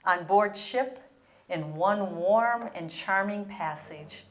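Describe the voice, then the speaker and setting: A woman's voice: medium pitch, slow pace, fairly bright tone. Older woman presenting in an echoey room. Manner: earnest storytelling with read-out quotes. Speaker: religious sister giving a presentation. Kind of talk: historical presentation to ministries.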